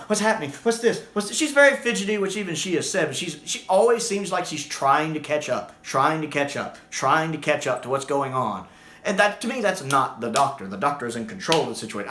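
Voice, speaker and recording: A man ranting through a casual video review in an animated, exasperated way. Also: on the high side, roomy sound.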